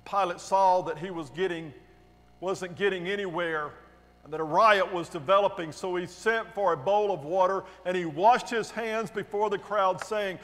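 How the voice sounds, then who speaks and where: In a church sanctuary with big-room sound, a male pastor with a slightly high, fairly bright voice reads a Bible passage at normal speed during worship. His scripture reading is dramatic, with the quoted lines raised and emphatic.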